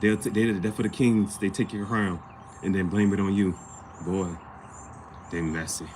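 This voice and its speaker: A man's voice: deep voice, moderate pace, pauses often, background noise. A man vlogging in a casual, slangy storytelling chat, acting out the people he talks about. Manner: animated, slangy, acts out quoted people.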